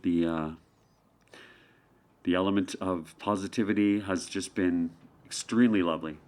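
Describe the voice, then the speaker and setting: A Canadian man with a fairly low voice chats in an easygoing interview. His talk is playful and meandering, and jokes keep slipping in. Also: steady tone, normal speed, a little mellow. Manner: playful, rambling, joking. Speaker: guest street artist. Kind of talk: casual interview chat.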